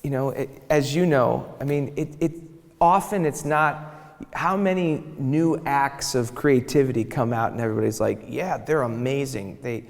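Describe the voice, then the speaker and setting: Man, mid-pitched voice, reflective and emphatic, live interview, long church reverb. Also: normal speed, vocal fry. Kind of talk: live onstage interview talk. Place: church hall in front of an audience.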